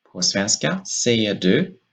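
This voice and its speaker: A man's voice: on the low side, sing-song, slow pace, gravelly. A man teaching a language lesson, explaining step by step and repeating each example sentence twice.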